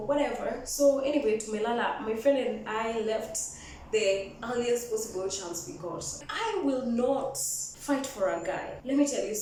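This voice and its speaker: A young Kenyan woman with a Kenyan accent, telling a casual storytime vlog with an animated, sassy, code-switching manner. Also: a little high, distant mic, slight background noise. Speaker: vlogger. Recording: echoey room, voice off-mic, faint ambience.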